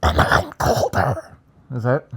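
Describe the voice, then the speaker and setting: A man doing an impression of a menacing masked male killer on the phone, with a leering, drawn-out delivery. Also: a bit bright.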